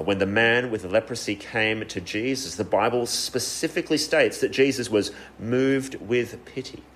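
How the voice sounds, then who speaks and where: A man preaching a sermon in an earnest tone, with frequent fillers and shifting emphasis. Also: mid-range voice.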